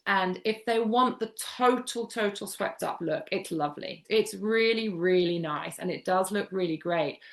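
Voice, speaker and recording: Guest spot: a chatty UK woman, mid-pitched, repeating words for emphasis. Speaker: guest homeopath. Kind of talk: casual podcast interview.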